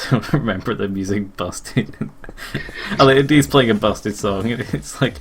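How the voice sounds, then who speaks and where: A man's voice: fairly low pitch, a little hiss or hum. A young man streaming a game, joking and laughing often with a friend. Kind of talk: casual gaming stream banter.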